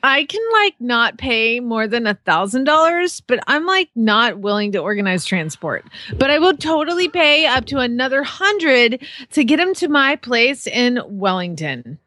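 A woman's voice: on the high side, big pitch swings, measured pace, pushed and bright, dry recording, exaggerated voice. A woman voicing a ditzy American teenage girl, drawling "like" and "totally" valley-girl style. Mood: airheaded.

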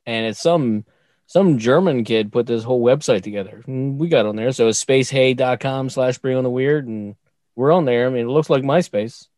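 A man's voice: mid-range voice, moderate pace, darkish tone, dry recording, clean studio sound. A middle-aged man co-hosting a casual podcast, telling rambling family stories with jokes. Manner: rambling storyteller, jokey. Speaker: podcast co-host.

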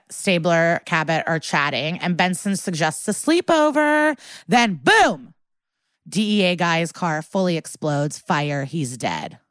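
A woman's voice: on the low side, no echo, clean studio sound. A woman co-hosting a podcast, casually recapping a TV episode and acting out the characters' lines. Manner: animated, acts out quotes with swearing and laughs. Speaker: podcast co-host.

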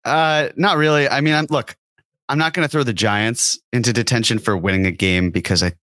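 A man's voice: mid-range voice, a little fast, sharp tone, no echo. A man co-hosting a sports podcast, talking in an easygoing, casual way. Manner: easygoing, laughs often. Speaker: podcast co-host.

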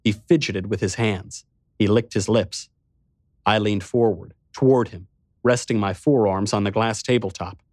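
A man's voice: fairly low pitch, steady tone, unhurried, a little mellow, no room sound, clean studio sound. A man giving a first-person scripted narration in a wry, dramatic storytelling manner.

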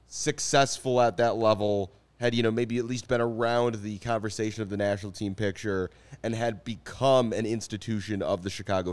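A man appearing as a podcast guest, speaking in a measured way with hesitant fillers. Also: fairly low pitch, darkish tone, smooth. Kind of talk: casual podcast conversation.

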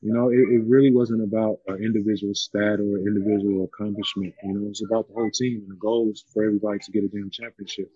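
A man's voice: fairly low pitch, level tone, quick pace, few pauses, dark tone, husky, no room sound, lo-fi sound. A man, a former college basketball player, telling his story in a loose, heartfelt way, full of "you know" fillers. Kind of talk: casual interview storytelling.

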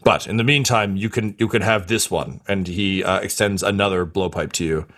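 A man narrating as game master of a tabletop role-playing game, with many pauses and fillers. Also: deep voice, fairly bright tone.

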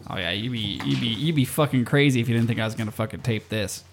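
A man's voice: medium pitch, fast talker, a little hiss or hum. A man hosting a podcast in casual chat, teasing his co-host, swearing and laughing often.

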